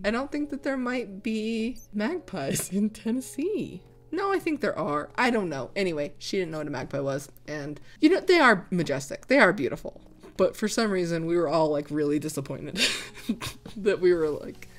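A woman's voice: fairly low pitch, very animated, moderate pace. A young woman chatting casually and rambling as she answers viewer comments, laughing often. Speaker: gaming channel host.

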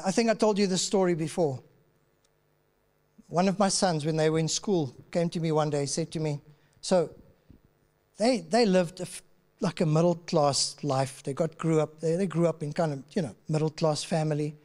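A man's voice: fairly high pitch, a little mellow. Pastor telling a story in his sermon, chatty, plays the parts, big echoey church. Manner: conversational storytelling, acts out dialogue. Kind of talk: sermon with personal stories. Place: church auditorium. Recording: reverberant church hall.

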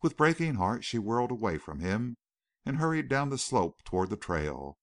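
A man reading a novel aloud as an audiobook narrator, in a dramatic, expressive manner. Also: mid-range voice, normal speed, no room sound, clean studio sound. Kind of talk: scripted narration.

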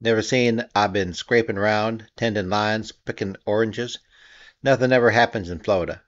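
A scrawny, cheerful little man, put on by a male reader, talking fast and folksy. He sits a touch higher and louder than the narration. The sound is dry and a little muffled. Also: dry recording, natural voice.

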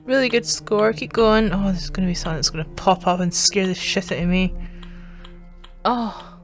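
A woman's voice: medium pitch, normal speed, soft background music. A young Scottish woman streaming her reactions to scary videos, swearing, screaming and laughing at the scares. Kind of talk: casual reaction commentary.

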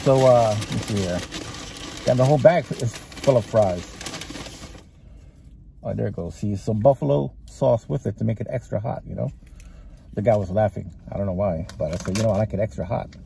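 This food vlogger, speaking with a Texas-sounding drawl, rambles and chats between bites and while chewing, in a parked car with the engine running. His fairly low, creaky, dark-toned voice moves at normal speed with long pauses, and there's a little hiss or hum.

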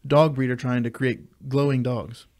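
A man co-hosting a casual podcast chat, animated and laughing often as he tells stories. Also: medium pitch, normal speed. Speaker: podcast co-host. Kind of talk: casual chat over beers.

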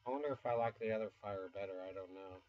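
A man's voice: lowish voice, fast talker, dull audio. A man in his fifties from the United States, rambling casually and self-deprecatingly in a vlog, with chuckling asides. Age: 50s. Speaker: YouTuber. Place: home studio.

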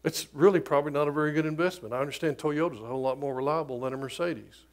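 Emphatic pastor preaching, high voice. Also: male voice, very fast. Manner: emphatic preacher, swings from loud declarations to quiet asides. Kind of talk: sermon.

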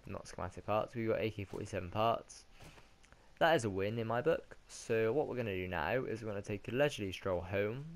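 A man with a British accent giving casual let's-play commentary, rambling and correcting himself as he goes. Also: on the low side. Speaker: gaming commentator.

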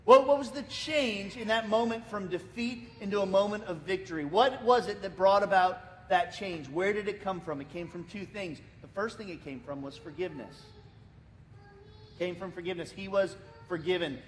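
An American man preaching a sermon as pastor, telling a story with lots of repeated words and restarts. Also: normal speed. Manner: lively storytelling, acting out the people in it. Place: church sanctuary. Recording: reverberant church hall, faint rumble.

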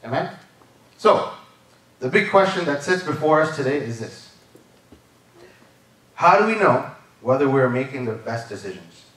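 A man's voice: mid-range voice, very animated, measured pace, pauses often, fairly bright tone. Man preaching in an echoey church. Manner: conversational, keeps asking "right?" and "amen?". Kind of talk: sermon. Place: church service. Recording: echoey church hall, mic far off.

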